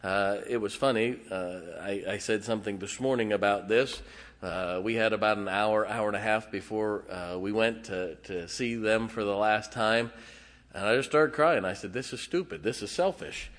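Middle-aged male pastor preaching in a church, lowish voice, folksy and halting, long hall reverb. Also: fairly bright tone. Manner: folksy, halting with many fillers. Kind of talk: sermon. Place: church sanctuary.

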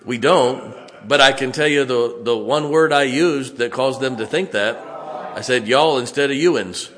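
A middle-aged pastor with a West Virginian accent delivers a sermon in a relaxed, folksy manner. His pitch sits in an ordinary middle range for a man, and he talks to the congregation as if telling stories to friends. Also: measured pace, a little hiss or hum. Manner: folksy, conversational preaching with asides and chuckles.

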